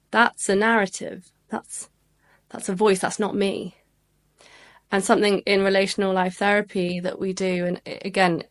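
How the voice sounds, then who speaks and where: A woman, a relationship coach, talking playfully in a casual podcast conversation and laughing at herself. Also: on the low side.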